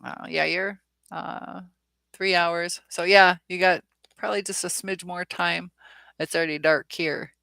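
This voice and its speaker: Female live-stream host, lowish bright voice, dry close mic, casual and chatty with viewers. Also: fairly even intonation, a little slow, creaky, dry recording. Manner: chatty, reads viewer comments aloud with filler ums.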